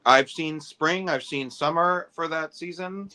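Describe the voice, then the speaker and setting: A man's voice: on the high side, a little slow, pushed and bright. A man co-hosting a toy collecting livestream, giving detailed, opinionated breakdowns in casual chat.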